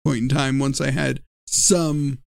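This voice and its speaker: Slow-talking gravelly man, podcast co-host. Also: mid-range voice, no echo, clean studio sound. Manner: animated storyteller, swearing, laughs often. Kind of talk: casual chat.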